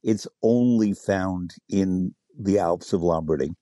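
A man's voice: low voice, slow pace, warm tone, no room sound, clean studio sound. A middle-aged man, a food expert guest in a radio interview, who talks animatedly, relishes words and spells out the names of dishes. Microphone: studio microphone.

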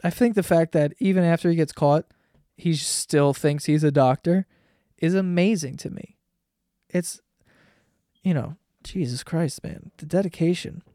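A man's voice: a little high, measured pace, dark tone, no echo, studio quality. Rambling, profane podcast guy. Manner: rambling, profane, laughs often. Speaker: podcast host. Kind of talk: casual solo storytelling.

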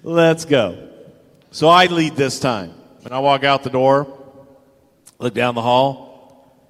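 A man's voice: mid-range voice, takes it slowly, a bit bright, in a large hall. An older man telling a rambling, profane anecdote in a casual chat, acting out the voices of the people he quotes. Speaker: storyteller guest.

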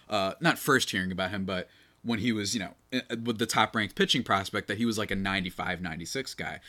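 Chatty young man breaking down baseball. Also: on the low side. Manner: rambling, animated, self-interrupting. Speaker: podcast host. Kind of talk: casual sports commentary.

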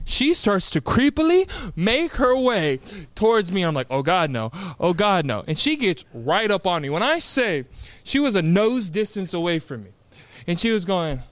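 A young man with a high, lively voice tells a story on a podcast, putting on the voices of the people in it. The sound is close and dry with no room around it. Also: normal speed, dry recording. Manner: animated, acts out quoted voices. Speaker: podcast co-host. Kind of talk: casual chat, storytelling.

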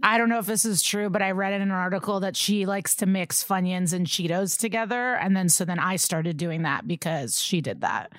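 A woman's voice: on the low side, normal speed, few pauses, no echo. A woman co-hosting a casual interview podcast, chatty and asking questions between laughs. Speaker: podcast co-host.

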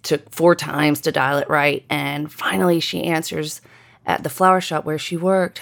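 A middle-aged woman narrating a personal story in a measured, deliberate way. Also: sits low, gravelly, a bit bright. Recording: guitar music underneath.

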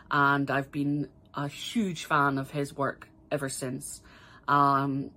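A woman's voice: deep voice, sharp tone. A woman recording a fond, earnest personal memory for a show. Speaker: listener sending a memory.

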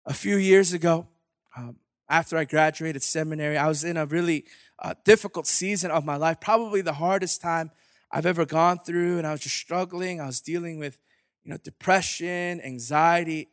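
A man's voice: a little high, moderate pace, dry recording, clean studio sound. A man giving a candid, humorous sermon testimony, telling his story with frequent filler words. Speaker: preacher.

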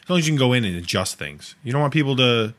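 A man's voice: mid-range voice, rapid-fire. A man, co-hosting a podcast and telling long, self-correcting stories in casual chat. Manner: animated storyteller, rambling and self-correcting. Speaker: podcast co-host.

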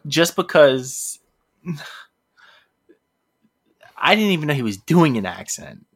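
A man co-hosting a casual wrestling chat with a dry, teasing, deadpan manner. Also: fairly high pitch, slow, breathy edge. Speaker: podcast co-host.

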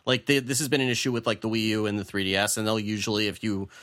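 Bright-voiced man chatting on a podcast. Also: on the low side, level tone, fast talker. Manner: reads listener question then answers, chatty with many restarts. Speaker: podcast co-host. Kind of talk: casual chat.

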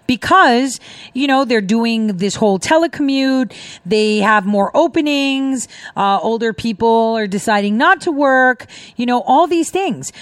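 A woman's voice: high voice, fairly bright tone, dry recording, clean studio sound. A middle-aged woman hosting casual commentary, telling chatty stories with laughing asides. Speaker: host.

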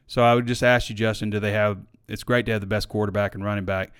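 A man's voice: lowish voice, fairly even intonation, fast talker, hardly any pauses, smooth. A man hosting a live sports talk show, chatting casually and opinionated, reading viewer comments and arguing back. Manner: opinionated, conversational, frequent fillers.

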